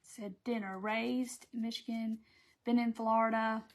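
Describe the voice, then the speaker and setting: A woman's voice: a little high, normal speed, a little hiss or hum. A woman with a Southern American accent hosting a casual live crafting tutorial, chatting and reading viewer comments aloud as she works. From Southern United States.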